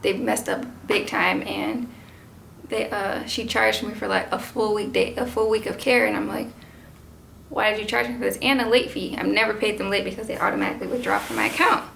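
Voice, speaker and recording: A young woman telling a story on a casual vlog, chatty and animated, full of fillers. Her voice has a gravelly fry at the ends of phrases, at a middle pitch. The home recording has a clear noise floor behind her. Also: fairly quick, low-quality recording. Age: 20s. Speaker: vlogger and mother.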